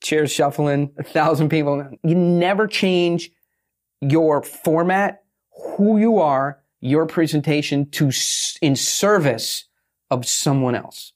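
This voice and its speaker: A brash man with a fairly high voice, talking fast and blunt on a podcast. He swears freely and acts out quick quoted bits as he explains how to pitch. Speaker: guest, author and pitch expert. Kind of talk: fast casual podcast talk.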